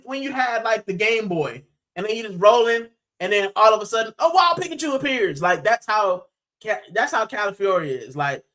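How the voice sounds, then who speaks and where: Bright, chatty man streaming live. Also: sits high, low-quality recording. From Puerto Rico. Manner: animated, chatty, slangy with lots of "bro". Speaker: football channel host. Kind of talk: casual live-stream chat.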